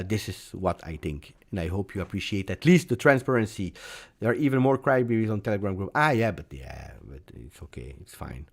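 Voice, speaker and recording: Passionate low-voiced football host. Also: male voice. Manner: passionate, emphatic, rambling. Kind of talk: live post-match fan reaction.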